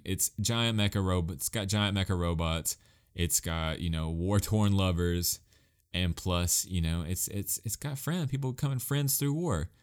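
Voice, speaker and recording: A man's voice: low-pitched, smooth. A man hosting a casual talk show, rambling and self-mocking, laughing often as he talks. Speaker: podcast host recommending anime.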